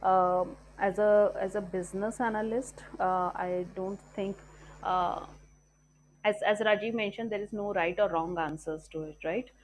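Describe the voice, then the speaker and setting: A woman speaking on business analysis gives a patient talk in an online group session, explaining things with many fillers and tag questions. Her mid-range voice is fairly even and a little slow, in a low-quality recording with slight background noise.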